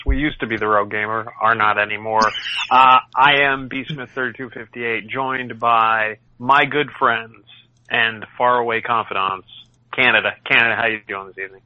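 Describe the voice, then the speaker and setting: A man's voice: mid-range voice, fairly even intonation, a little fast, dry recording, muffled recording. A man hosting a casual podcast, rambling and joking at his own expense. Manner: rambling, self-deprecating, jokey. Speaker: podcast host.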